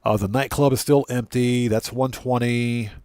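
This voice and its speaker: A man's voice: mid-range voice, fairly even intonation, moderate pace, darkish tone, dry recording. A man chatting casually with viewers while streaming a game, greeting them by name and often repeating and correcting himself. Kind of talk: casual livestream chat.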